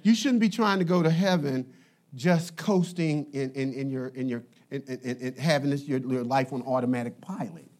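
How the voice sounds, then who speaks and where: A male pastor preaching a sermon in an animated, conversational way with playful asides. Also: mid-range voice, moderate pace.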